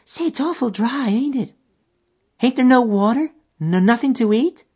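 Grave five-year-old girl, piping and lively, voiced by a male reader; muffled recording. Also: normal speed, slightly rough, full character voice. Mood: earnest. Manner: high childish voice with folksy grammar. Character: little girl of about five, grave, earnest.

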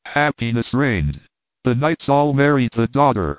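A man reading a travel book aloud, steady and expressive, with mock-heroic flourishes. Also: medium pitch, unhurried, no echo. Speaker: audiobook reader. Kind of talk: scripted narration of a travel book. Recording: dry, narrow phone-like sound.

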